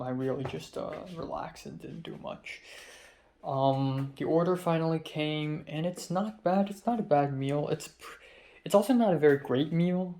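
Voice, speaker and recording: A man's voice: on the high side, darkish tone. A young adult man talking casually to camera in a vlog diary, rambling and correcting himself as he tells stories about his day. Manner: rambling, self-correcting storyteller. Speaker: vlogger.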